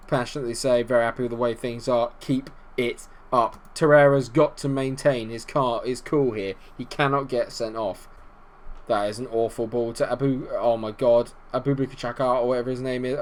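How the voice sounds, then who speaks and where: A young man commentating on his own football management game, swinging from low muttering to shouted celebration. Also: brisk. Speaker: gaming YouTuber. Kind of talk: excitable gameplay commentary.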